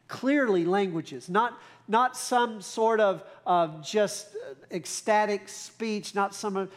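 A man preaching a sermon, animated and conversational, with frequent asides to the congregation. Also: high-pitched. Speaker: pastor.

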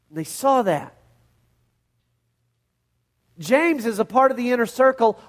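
High-voiced pastor telling Bible stories. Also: male voice. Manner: animated storytelling, acts out Bible scenes in voices. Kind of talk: sermon.

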